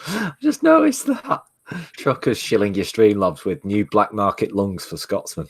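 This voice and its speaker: A man's voice: on the low side, wildly swooping pitch, normal speed, slightly rough. A man on a livestream chat, wry and joking.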